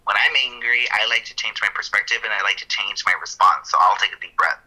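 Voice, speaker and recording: A man co-hosting a podcast, explaining counseling ideas in a casual, thoughtful way, working through his points with fillers and quick self-corrections. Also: lowish voice, steady tone, sharp tone, rough recording.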